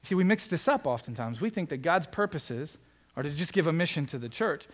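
A man delivering a sermon from the stage, his voice sitting a little higher than most men's. He talks conversationally and animatedly, slipping into little acted-out quotes and asides as he preaches. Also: expressive, brisk. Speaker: pastor.

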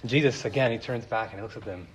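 A man's voice: fairly low pitch, quick pace, a little hiss or hum. A man preaching a sermon, retelling a story in a casual, chatty way with many fillers. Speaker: pastor.

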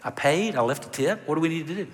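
A man preaching a sermon, telling a story with lively, direct appeals to the congregation. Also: on the high side, fast. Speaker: pastor. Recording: reverberant hall.

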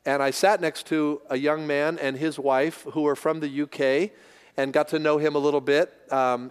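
A man's voice: fairly high pitch, smooth, long reverb tail. A man from the United States preaching a sermon as a pastor, earnest and building to emphatic repetition.

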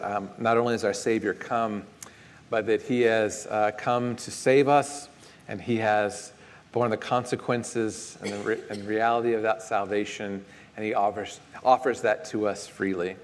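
A man with a Texan accent preaching a conversational sermon as pastor, relaxed and searching for his words. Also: on the low side. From Texas. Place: church sanctuary. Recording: long reverb of a large church.

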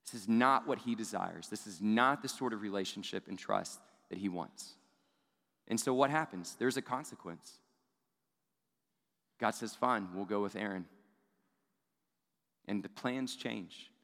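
This pastor, an adult man and father of young children, preaches in a conversational way and often drops in rhetorical "right?" asides. His voice sits lowish, gravelly and fairly bright, and he takes his time. The recording has a big-room sound.

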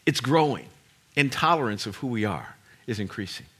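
A man preaching a sermon as pastor, swinging from hushed, low lines to loud shouted peaks and repeating words for emphasis. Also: very animated, normal speed, slightly rough.

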